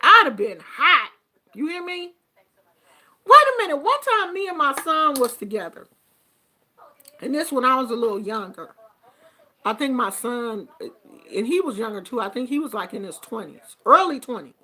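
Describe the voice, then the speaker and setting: A middle-aged woman chatting casually to her viewers, telling animated stories and laughing through them. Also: high-pitched, moderate pace, long pauses. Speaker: YouTuber. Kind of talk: casual storytelling chat.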